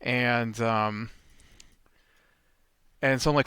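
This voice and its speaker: A man's voice: mid-range voice, unhurried, long pauses, sharp tone, clean tone, no echo, clean studio sound. A man hosting a let's play, telling a rambling story in casual chat while he plays. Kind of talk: casual chat while playing a video game.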